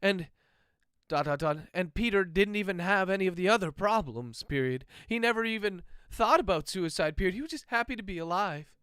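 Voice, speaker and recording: A man voicing a grieving, desperate father who confesses in halting, pleading bursts, his voice climbing as he speaks. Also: high voice, expressive, a bit bright, smooth, no room sound. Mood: anguished.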